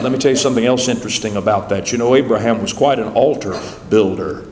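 A man's voice: mid-range voice, fast talker, hardly any pauses, crowd noise. A man preaching a sermon, telling a story dramatically with swelling emphasis. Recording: echoey hall.

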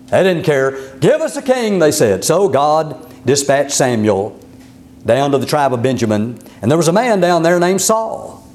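Man, preacher, sermon storytelling, slightly high voice, very lively pitch. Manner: animated storytelling, voices quotes with raised pitch.

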